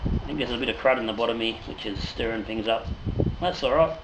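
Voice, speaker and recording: Joking home brewer, echoey room. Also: male voice, mid-range voice, fast. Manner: jokey, swears casually, trails off and restarts. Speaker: home brewer and channel host. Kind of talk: casual raffle draw and brewing chat. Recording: echoey room with noticeable noise.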